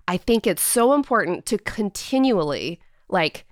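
Woman guest, 30s, animated chatty storyteller; dry, mid-pitched delivery. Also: a little slow, no room sound. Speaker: guest, company CEO. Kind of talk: casual storytelling in a podcast interview.

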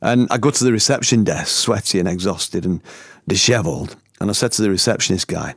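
A gravelly, fairly low-voiced middle-aged man spins a personal yarn, slangy and chatty, chuckling along. The sound is dry and close, with no room around it. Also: fast, dry recording. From north of England. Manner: colloquial, laughs through the telling. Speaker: storyteller and former band member. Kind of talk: anecdotal storytelling.

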